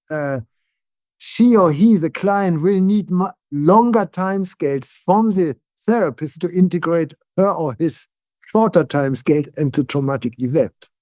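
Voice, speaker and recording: A neuroscientist guest speaking as an English speaker, explaining ideas in calm conversation and often checking in with "yeah?". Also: male voice, a little high, no echo, clean studio sound. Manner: tag "yeah?" questions, frequent restarts, calm and deliberate.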